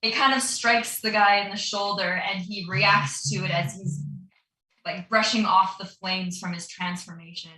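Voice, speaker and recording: A woman's voice: medium pitch, steady tone, normal speed, bright, forceful tone, roomy sound, recorded from a distance, poor audio. A woman running a tabletop game as dungeon master, narrating the action loosely with plenty of fillers.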